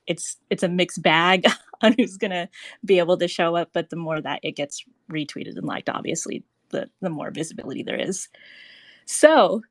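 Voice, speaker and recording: A woman's voice: on the low side, no room sound. A young woman hosting a casual live audio chat show. She giggles a lot and swears freely. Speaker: podcast host.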